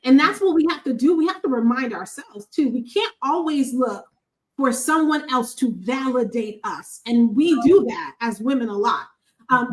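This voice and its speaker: High-pitched woman podcast host from buffalo, animated, preachy cadence, laughs a lot. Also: normal speed, poor audio. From Buffalo, New York, USA. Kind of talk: heartfelt conversational testimony.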